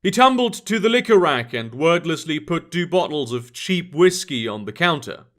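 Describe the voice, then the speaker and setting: A man narrating an urban fantasy story in an expressive scripted reading. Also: on the high side, moderate pace.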